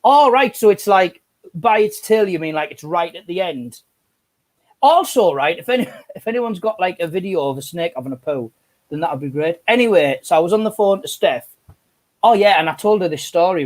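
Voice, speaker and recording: A man's voice: fairly high pitch, a little mellow. A man, chatting and telling sweary stories as co-host of a live stream on an earphone mic. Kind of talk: casual chat.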